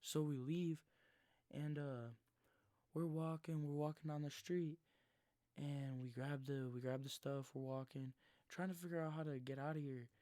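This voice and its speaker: A man in his twenties telling a rambling, slangy story in his own words, sometimes dropping into a hushed near-whisper. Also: a little high, steady tone, moderate pace, no room sound. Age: 20s. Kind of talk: casual first-person storytelling.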